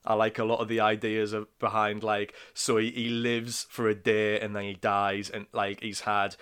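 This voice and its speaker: A man co-hosting a casual film podcast, animated and quick to laugh. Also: fairly low pitch, clear, resonant tone. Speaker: podcast co-host.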